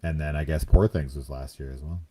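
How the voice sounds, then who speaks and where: A man with a very low voice appears as a guest on a casual chat show. He talks in a laid-back way, and his sentences often trail off quietly. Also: steady tone, a little fast, a crowd in the background. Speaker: guest reviewer.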